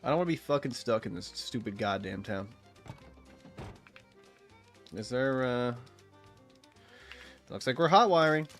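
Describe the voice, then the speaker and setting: A man streaming a game, swearing freely, joking, and reading in-game text aloud in an excitable way. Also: mid-range voice, unhurried, pauses often, faint music behind. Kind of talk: gameplay commentary.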